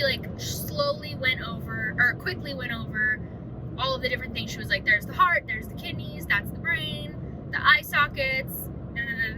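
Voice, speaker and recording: Young woman, vlogger, fairly high voice, candid rambling chat, swears a lot, clear background noise. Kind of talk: casual chat. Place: home at night.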